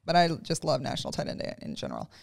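A woman's voice: low-pitched, wildly swooping pitch, very fast, vocal fry. A woman co-hosting a podcast, reading out listener questions in an upbeat, chatty way. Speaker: podcast co-host. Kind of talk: casual chat.

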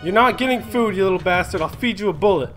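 A man's voice: high voice, fast, a bit bright. A man streaming a survival game, chatting crudely with other players as a mock shopkeeper giving away gear. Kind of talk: casual gameplay chat with other players. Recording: game audio with music playing behind.

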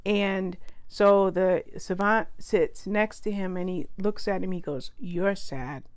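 A woman's voice: mid-range voice, steady tone, a little slow, clear, resonant tone. Chatty woman reviewing books. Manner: chatty, self-correcting, sidetracked asides. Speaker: book reviewer. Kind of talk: casual spoken book review.

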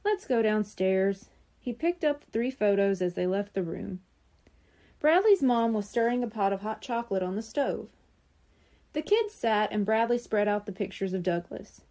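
A woman from a library reading a children's chapter book aloud with expressive, clear storytelling. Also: medium pitch, moderate pace.

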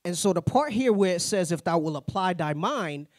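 A man teaching a Bible class in a plain-spoken, conversational way, tagging his points with a quick "right?". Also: high-pitched, animated, dry recording, clean studio sound. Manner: tags nearly every point with "right?"; plain-spoken, slangy asides.

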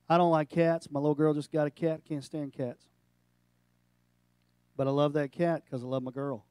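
A middle-aged male pastor giving a sermon, animated and storytelling, breaking into jokes. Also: on the high side, moderate pace, long pauses, clean tone, no room sound.

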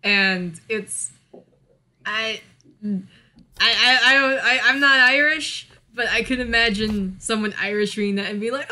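A woman's voice: on the high side, a little slow, sharp tone. An American woman co-hosting a podcast, talking in a chatty way, with many fillers, and laughing often. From United States. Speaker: podcast co-host. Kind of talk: casual chat.

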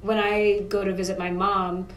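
A woman's voice: mid-range voice, level tone, moderate pace. A woman chatting playfully in a casual conversation. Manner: playful, acts out others in quotes. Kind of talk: casual chat. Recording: roomy audio with faint background hum.

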